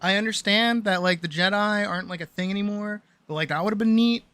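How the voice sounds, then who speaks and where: A young adult woman streamer telling a story in a casual, animated rant, swearing often and full of fillers. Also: mid-range voice, quick pace.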